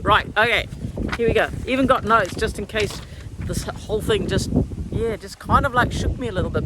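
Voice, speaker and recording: A woman's voice: medium pitch, normal speed. Frank outspoken woman outdoors, wind on mic. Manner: frank, swears freely, animated and excitable. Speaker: spiritual channeller and podcaster. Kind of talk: casual storytelling vlog. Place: outdoors, standing on the ground.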